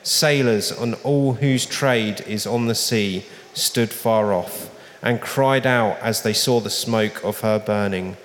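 A man reading scripture aloud in a slow, solemn manner, lifting his voice for the quoted laments. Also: on the low side. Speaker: scripture reader. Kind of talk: public Bible reading. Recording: long reverb.

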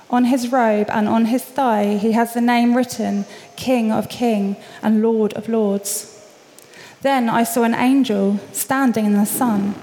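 A woman with a fairly high voice reads scripture in a steady, measured way. Her reading rings out with a long reverb. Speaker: scripture reader. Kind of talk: public Bible reading.

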